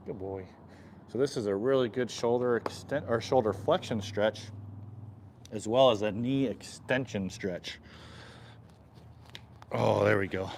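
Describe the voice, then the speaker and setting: A man working as an equine chiropractor, explaining stretches on a live stream while softly soothing the horse and often clearing his throat. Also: mid-range voice, slight background noise. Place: horse stall in a stable.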